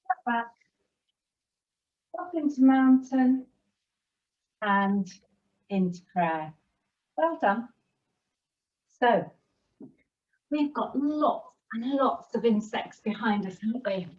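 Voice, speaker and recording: A woman leads a children's yoga class, giving gentle, encouraging instructions. She speaks slowly in a slightly high voice. The sound is distant and dull, as if picked up from across a room. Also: lively intonation. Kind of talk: guiding a kids' yoga class.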